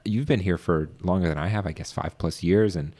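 A man's voice: low voice, a little fast, darkish tone, husky. A man interviewing an artist in a casual, enthusiastic way, with lots of fillers.

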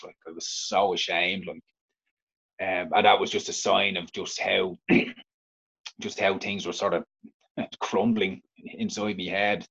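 A man with a Dublin Irish accent, an interview guest telling his own story frankly, halting and restarting often. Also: deep voice, fairly even intonation, vocal fry, fairly bright tone, husky, highs cut off. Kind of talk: candid personal storytelling.

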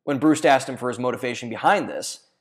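A man's voice: medium pitch, brisk. Man reading a scripted video essay. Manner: earnest reading with occasional stumbles and restarts.

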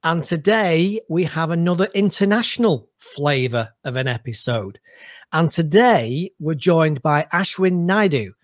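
A man's voice: a little high, no room sound. Upbeat male podcast host, dry sound. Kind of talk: casual interview.

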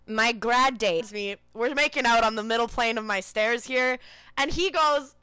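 A young woman, telling stories fast and swearing freely as a podcast guest over a video call. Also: a little high, pushed and bright, clear, resonant tone, no room sound. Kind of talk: casual storytelling chat.

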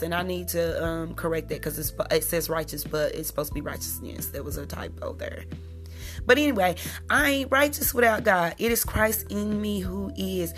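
Woman podcast host, bright tone, preachy and animated, faint music behind. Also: mid-range voice. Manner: animated, preachy, frequent rhetorical "you understand?"; laughs often, swings between loud and hushed. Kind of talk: faith podcast monologue, preaching.

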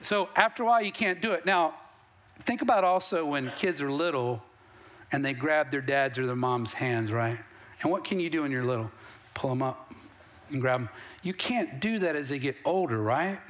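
In a church sanctuary, a middle-aged male pastor preaches with an animated, slightly bright voice that sits on the higher side for a man, at normal speed. He tells stories in a plain, conversational way, then builds into rising bursts of emphasis.

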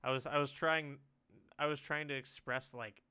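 Casual podcast co-host, male, smooth resonant voice, giggly rambler. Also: medium pitch, fairly even intonation, normal speed, pushed and bright. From California. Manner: giggly, rambling storyteller, laughs often.

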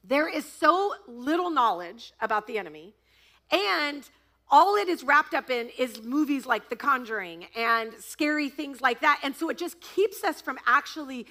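A woman pastor preaching a sermon, telling a story in an animated, laughing, dramatic way. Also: high-pitched, moderate pace. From United States.

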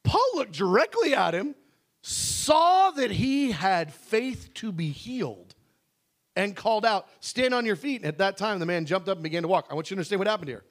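A male pastor preaching with a high, lively voice that leaps all over the place. He drops to low asides, then builds to shouted emphasis, and breaks into laughs mid-sentence. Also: normal speed. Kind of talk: sermon.

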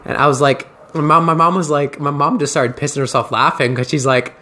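A man's voice: a little high, fairly even intonation, fairly quick, hardly any pauses, sharp tone. A man hosting a podcast, telling a story in casual, profane, rambling chat. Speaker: podcast host.

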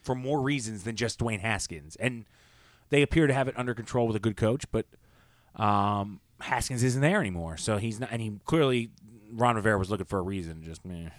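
A man's voice: lowish voice, no echo. Opinionated man on a sports podcast. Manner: opinionated, rambling, quick asides. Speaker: podcast co-host. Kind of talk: casual sports podcast chat.

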